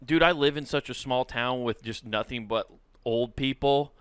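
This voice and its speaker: A man's voice: medium pitch, moderate pace, clean tone, no echo. A man co-hosting a comedy podcast, laughing often and riffing on bits in casual chat. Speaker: podcast co-host.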